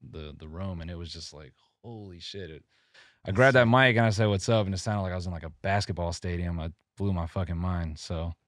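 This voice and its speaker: A man with a very low, deep voice chats as a podcast guest. He tells loose, profane stories, full of "like" and restarts. The sound is dry and close, with no room echo. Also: a little fast, a bit bright. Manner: laid-back, profane storytelling with many fillers. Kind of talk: casual podcast chat.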